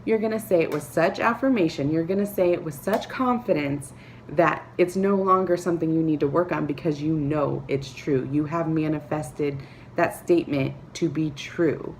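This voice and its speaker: A woman talking to camera, giving earnest, encouraging advice with soft laughs and filler words. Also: deep voice, moderate pace, slight background noise. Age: adult, a parent. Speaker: vlogger. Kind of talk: motivational talk to camera.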